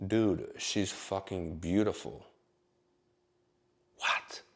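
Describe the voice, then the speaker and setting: Deep-voiced man telling a rambling story. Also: steady tone, very slow. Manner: rambling, profane, filler-heavy. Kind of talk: casual storytelling.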